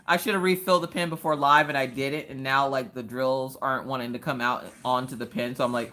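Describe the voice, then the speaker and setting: A woman hosting a casual live craft stream, chatting in an animated way and answering viewers' comments. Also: rumbling low, moderate pace, slight background noise.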